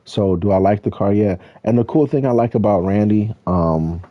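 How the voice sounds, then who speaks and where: This YouTuber's voice sits on the low side, and the audio is dull with no room sound. Driving a car in a game at a moderate clip, the young man answers viewer questions in a loose, rambling, swear-heavy way, tossing around slang.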